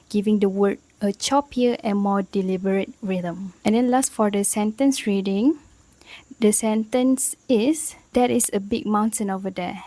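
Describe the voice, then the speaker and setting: A woman's voice: mid-range voice, mellow, no echo, poor audio. Young woman explaining from notes, dry sound. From Malaysia. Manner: explanatory, reads from prepared notes. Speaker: student presenter. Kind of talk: recorded class presentation.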